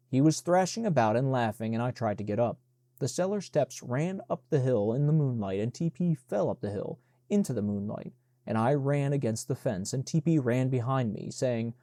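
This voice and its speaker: A man reading an audiobook in a measured, unhurried narration. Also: medium pitch, animated, mellow, no echo, clean studio sound. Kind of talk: scripted narration.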